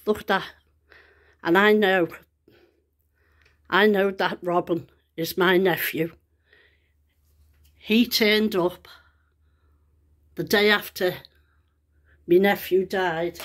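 A middle-aged woman filming a casual vlog outdoors in her back garden on a phone, chatty and excited as she calls to a bird. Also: medium pitch, slow, long pauses. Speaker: vlogger.

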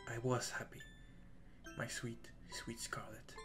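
A man's voice: medium pitch, monotone, slow, whispered, loud music behind the voice, close to an everyday voice. A man voicing an old, grieving sea captain who speaks in a blustery, old-fashioned formal way. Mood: tender. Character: Admiral Bobbery, gruff grieving old male sailor.

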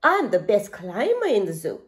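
A woman's voice: mid-range voice, wildly swooping pitch, moderate pace. A woman voicing a boastful male monkey in a children's picture book story, sounding bragging and mocking.

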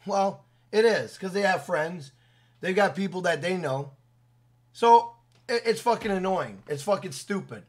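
A man with a fairly high voice for a man, ranting at his audience. He swears constantly, repeats himself for emphasis and talks in a blunt, heated way. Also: animated, unhurried. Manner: profane, heated, repetitive, blunt. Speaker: gaming video creator. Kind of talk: angry rant to camera.

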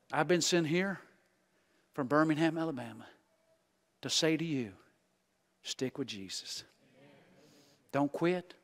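High-voiced preacher, folksy and fervent. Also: male voice. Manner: folksy, humorous, swings from loud exhortation to hushed intensity. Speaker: guest preacher. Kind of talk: revival sermon.

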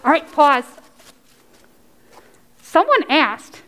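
A woman with a bright, high voice that swings widely in pitch, leading a children's church story. She coaxes the kids warmly and breaks into excited cheering shouts. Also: a little slow. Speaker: children's sermon leader.

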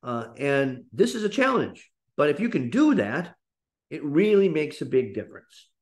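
A man teaching a webinar lesson on speaking, explaining slowly with frequent fillers and restarts. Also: on the high side, big pitch swings, darkish tone. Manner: demonstrates example phrases in a lifted, playful voice.

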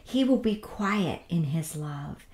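Woman Bible teacher, slow and mellow, soft whispery devotional delivery, echoey room. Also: on the low side, animated.

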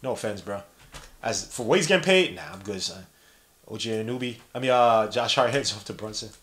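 A young man hosting a podcast, giving casual live play-by-play and reading the chat aloud in an animated, slangy way. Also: fairly low pitch, brisk. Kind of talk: casual live-stream commentary.

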